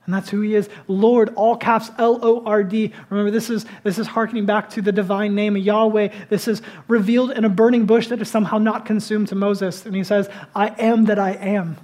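A man's voice: sits high, flat delivery, fairly quick, few pauses, a little mellow. A male pastor preaching a sermon to his congregation, speaking conversationally and building to emphatic bursts.

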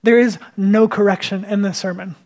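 Guy pastor with a high voice, earnest sermon, leans hard on repeated lines. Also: steady tone, normal speed, darkish tone. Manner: earnest, emphatic, repeating key phrases.

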